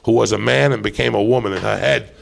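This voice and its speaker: Gravelly loud-mouthed man telling stories. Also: fairly low pitch, fast. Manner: loud, profane, rowdy storytelling. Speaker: podcast host. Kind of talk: live podcast storytelling. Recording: live podcast mic.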